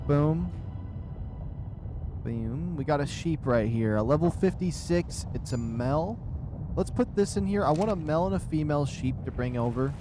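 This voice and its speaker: A man with a voice on the high side and lively intonation livestreams a game from his room, rambling briskly to viewers and chuckling to himself. He sounds a little short of breath, and music plays in the background.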